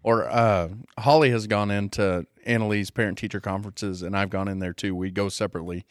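A man, a father of a schoolchild, chiming in with quick jokes in casual chat. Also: lowish voice, fairly even intonation, no echo, studio quality. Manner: quick joking interjections.

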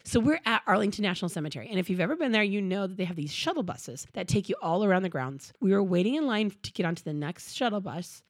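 A woman in her forties hosting a podcast, telling stories and interviewing a guest in an animated, chatty way, laughing often. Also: mid-range voice, no echo, studio quality. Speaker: podcast host. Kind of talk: casual storytelling and interviewing. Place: podcast recording, seated beside her guest. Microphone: podcast microphone.

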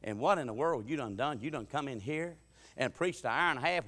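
In a reverberant church sanctuary, a male preacher with a medium-pitched voice delivers a brisk sermon full of humorous stories. His folksy, dialect-heavy style swings from loud preaching to quiet asides.

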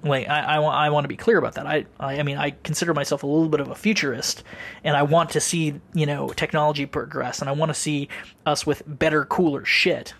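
A man's voice: fairly high pitch, steady tone, fast talker, creaky, a bit bright. A man co-hosting a podcast in casual chat, rambling, musing and swearing freely. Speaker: podcast co-host.

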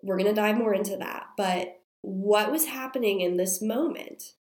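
A woman's voice: medium pitch, moderate pace, a little mellow. A young woman who is sick and has a strained voice, chatting casually to viewers as a mom and telling a story with many fillers. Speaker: mom vlogger. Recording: roomy echo.

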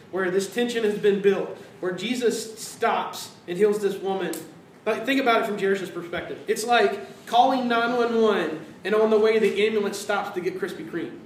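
A pastor delivers his sermon with animated swings, acting out quoted voices and falling to hushed tones. His voice sits high for a man. It carries through a roomy church sanctuary from a little distance, with a faint room hum behind.

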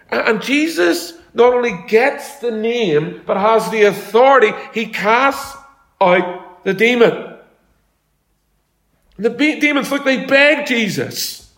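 A man's voice: high voice, a bit bright. A man preaching a sermon as pastor, talking in a conversational way and telling homely stories. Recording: echoey room.

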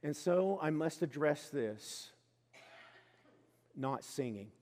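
A pastor delivering a sermon in a slightly high male voice, talking to his congregation in an earnest, conversational way. He drops to quiet asides, then builds to loud, emphatic declarations. The sound rings with the long reverb of a church hall. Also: animated, takes it slowly. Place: church sanctuary.

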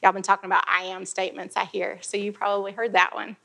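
Bright-voiced chatty woman teaching Bible. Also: medium pitch, little pitch movement, quick pace, gravelly. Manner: chatty, laughs, frequent fillers.

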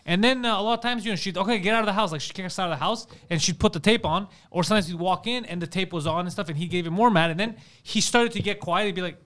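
A man's voice: sits high, very fast, hardly any pauses, a bit bright. A man in casual podcast chat, teasing his friends and telling a crude story. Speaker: podcast co-host.

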